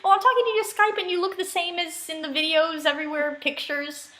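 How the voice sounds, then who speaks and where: A woman interviewing a guest in a casual, chatty way, asking quick questions and encouraging him. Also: very high-pitched, fairly even intonation, bright, forceful tone, echoey room.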